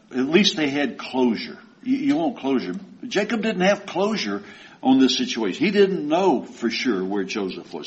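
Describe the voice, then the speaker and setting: A man preaches to his congregation, retelling a story in a loose, folksy, conversational way. His voice sits at an ordinary middle pitch. The recording is dull and lo-fi. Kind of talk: sermon.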